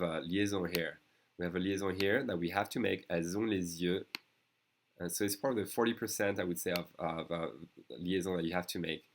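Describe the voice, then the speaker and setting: A man's voice: low voice, a bit bright, a little hiss or hum. A man with a French accent, a native speaker teaching a beginners' language lesson online, patiently repeating each phrase.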